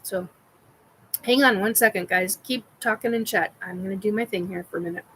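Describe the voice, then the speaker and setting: A woman's voice: mid-range voice, brisk, pushed and bright, slight background noise, poor audio. A middle-aged woman hosting a casual live-stream chat, rambling with many fillers and restarts while she answers viewers.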